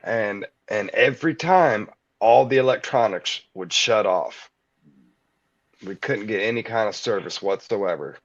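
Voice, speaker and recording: Low-voiced man telling a halting story, muffled audio. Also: no room sound. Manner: halting, with many fillers and restarts. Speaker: guest.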